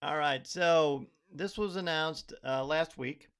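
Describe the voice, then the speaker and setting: A man's voice: on the high side, slow, fairly bright tone, clean tone. A man hosting a live podcast, upbeat and chatty, greeting viewers by name as they arrive. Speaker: podcast host.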